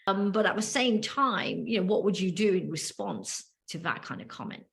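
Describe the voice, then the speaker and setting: A woman's voice: medium pitch, lively intonation, moderate pace, vocal fry. A woman with a British accent from the UK, co-hosting a casual podcast and telling a workplace story with many ums and restarts. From United Kingdom. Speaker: podcast co-host.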